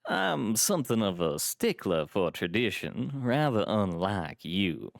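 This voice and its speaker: A man voicing a very posh, tradition-minded gentleman who sounds dry and unamused. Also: mid-range voice, very animated, a little slow, smooth, no echo. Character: posh, tradition-bound gentleman, middle-aged.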